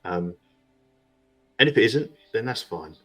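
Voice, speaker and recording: A calm investigator coaxing a frightened witness, his voice low and unhurried, as a man voices him. He talks softly and patiently. Faint music runs underneath. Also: slightly rough, exaggerated voice. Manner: gentle, coaxing, slow. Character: calm, soothing male investigator with vials.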